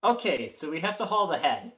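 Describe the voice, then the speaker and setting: A man's voice: on the high side, big pitch swings, a little fast, bright, forceful tone. A man playing in a tabletop game who talks casually and explains the rules to the others. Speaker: player.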